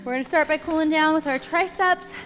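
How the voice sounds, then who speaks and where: A woman's voice: high-pitched, brisk, a bit bright, long reverb tail, faint music behind. A woman leading a follow-along home workout, giving encouraging step-by-step cues. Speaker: fitness instructor.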